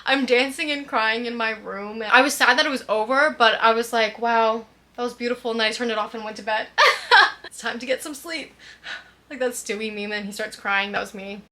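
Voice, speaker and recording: A young woman vlogging in a casual, gushing storytime chat, giggly and animated. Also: on the high side, a little fast.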